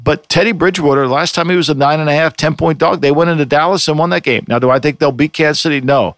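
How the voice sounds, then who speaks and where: A man's voice: on the high side, fast talker, no echo. A man co-hosting a casual sports betting chat, rambling with many restarts and fillers. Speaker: co-host.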